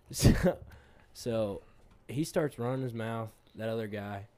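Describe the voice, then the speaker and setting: A man's voice: on the low side, sing-song, measured pace, dark tone. A man casually telling bar-fight stories, rambling and profane, laughing often and acting out what everyone said. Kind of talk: casual storytelling chat.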